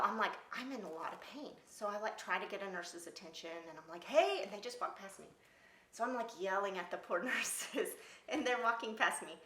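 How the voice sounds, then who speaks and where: A middle-aged woman telling her own story in casual talk, lively and laughing between lines. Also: lowish voice, slight background noise. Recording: roomy echo.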